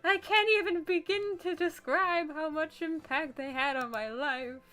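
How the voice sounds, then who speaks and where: A woman voicing a huge, unhinged male fan with an axe, in a high, giddy, stammering voice that bursts out loud when overexcited. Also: unhurried. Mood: gushing. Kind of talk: visual novel voice acting.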